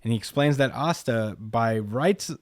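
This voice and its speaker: In a medium-pitched voice at a measured pace, a young man co-hosting a podcast chats casually while recapping a comic chapter. He tells it loosely with plenty of fillers; the studio recording is clean and dry.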